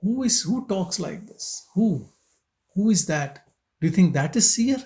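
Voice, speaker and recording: A man gives a slow, reflective spiritual talk to a gathering. His voice sits on the high side, and he speaks very unhurriedly, pausing between questions. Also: big pitch swings, darkish tone. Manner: slow, questioning, with long pauses. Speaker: spiritual teacher leading satsang. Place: meditation centre hall.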